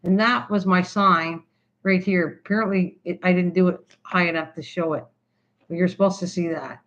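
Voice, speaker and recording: A woman's voice: on the low side, fairly even intonation, moderate pace, highs cut off, a little hiss or hum. Chatty older woman crafting. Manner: chatty, rambling, stops mid-sentence and restarts. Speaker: host of a crafting livestream. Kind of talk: casual craft demonstration chatting with viewers.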